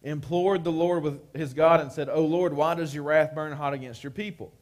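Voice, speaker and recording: A man preaching a live-streamed sermon, talking conversationally and often checking in with "right?". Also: a little high. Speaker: pastor.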